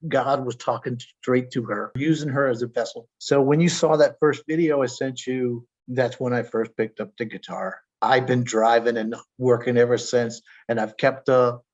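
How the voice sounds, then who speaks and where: A man's voice: mid-range voice, fairly even intonation, moderate pace, few pauses, a little mellow. A man telling his own story as a podcast guest, earnest and emotional, often stumbling and repeating words. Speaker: stroke survivor guest. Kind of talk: personal storytelling. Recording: dull lo-fi audio.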